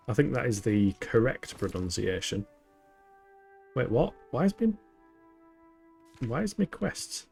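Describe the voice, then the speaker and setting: A man's voice: mid-range voice, big pitch swings, a little slow, gravelly, long pauses, darkish tone, husky, soft background music. A young man with a playful, giggly manner, chatting casually while livestreaming a game from his home setup. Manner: playful, giggly, rambling banter. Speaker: streamer.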